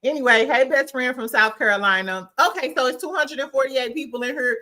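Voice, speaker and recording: Livestream host, woman, from St. Louis; bubbly, laughs a lot, forceful bright tone. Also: high voice, fairly quick. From St. Louis, USA. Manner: bubbly, laughs often, greets chat by name. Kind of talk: casual livestream chat.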